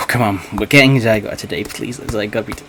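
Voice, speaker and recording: A man's voice: lowish voice, fairly even intonation, a bit bright, slight background noise. Nervous streamer man. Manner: nervous, halting, many restarts. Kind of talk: casual live-stream chat.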